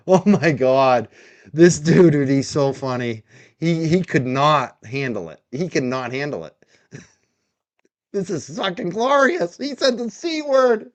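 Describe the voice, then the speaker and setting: A man's voice: medium pitch, no echo. A man hosting a stream, reacting to a clip with sarcastic, mocking commentary and frequent laughter. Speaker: stream host.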